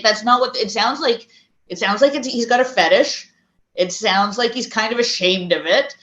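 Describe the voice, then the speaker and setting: A woman's voice: fairly high pitch, fairly bright tone, soft background music. A woman co-hosting a podcast in casual chat, outspoken and argumentative. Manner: outspoken, argumentative, talks in quick runs. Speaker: podcast co-host. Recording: echoey, dull-sounding room.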